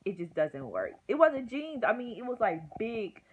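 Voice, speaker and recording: A woman's voice: on the high side, very animated, moderate pace. A young woman vlogger telling a story casually and acting out the quotes with groans and whispers. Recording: tinny phone-like audio with faint hiss.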